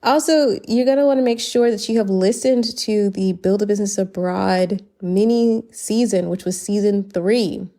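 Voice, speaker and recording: A woman's voice: medium pitch, warm tone. Earnest woman podcast host, grateful tone. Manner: earnest and grateful, laughs between sentences, speeds up and slows down. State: a little choked up. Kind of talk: solo podcast monologue. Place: lives abroad, based in Barcelona.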